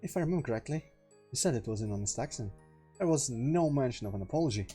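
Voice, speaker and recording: A man voicing a cold, formal young woman who speaks softly and holds back her anger. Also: fairly high pitch, expressive, a little fast, husky, faint music behind. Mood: icy. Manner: soft, icy, restrained, formal. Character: cold restrained shy young woman Yuri.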